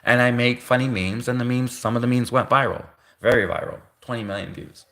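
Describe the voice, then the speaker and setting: Bright-voiced rambling Canadian man. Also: medium pitch, steady tone, fairly quick. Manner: rambling, restarts and self-corrections, half-joking. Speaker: livestreamer. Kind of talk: rambling monologue.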